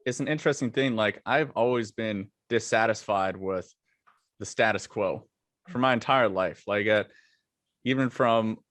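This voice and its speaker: A man guest on a podcast, telling his own story in a relaxed, reflective way with plenty of "like" fillers. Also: lowish voice, moderate pace, no echo. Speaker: podcast guest, former longboard racer. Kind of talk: casual interview talk.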